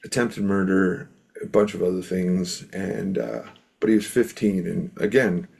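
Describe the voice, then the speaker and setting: A man's voice: low voice, a little slow, vocal fry, darkish tone, husky. A middle-aged man from Canada, a musician and speaker, telling stories as an interview guest in an earnest, rambling way with lots of fillers. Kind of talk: storytelling in an interview.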